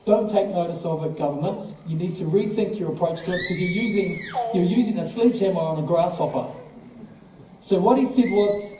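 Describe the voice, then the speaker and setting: A man's voice: high voice, brisk, noisy background. A man with a New Zealand accent giving an emphatic speech to a live audience, firing off rhetorical questions and repeating words as he goes. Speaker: political party speaker. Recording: echoey hall, voice from far off.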